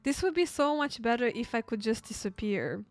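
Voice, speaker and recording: Sayori, a sad, gentle schoolgirl read by a woman. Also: a little high, animated, normal speed, close to an everyday voice. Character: sweet, sad teenage girl.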